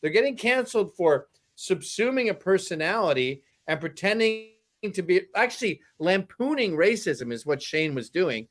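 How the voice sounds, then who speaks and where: Male panelist, animated casual banter, wide pitch swings. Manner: animated, does quick impressions of others. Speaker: comedy commentator. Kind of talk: casual chat.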